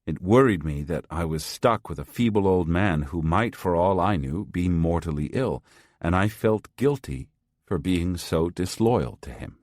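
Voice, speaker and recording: A man narrating a first-person story as an audiobook, in a measured, sober way. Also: sits low, animated, darkish tone, dry recording, studio quality.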